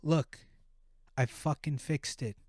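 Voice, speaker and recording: A man's voice: on the low side, fairly even intonation, normal speed, a little mellow, dry recording, studio quality, natural voice. A man voicing a furious, scornful woman who hurls profane insults at her partner. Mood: mocking.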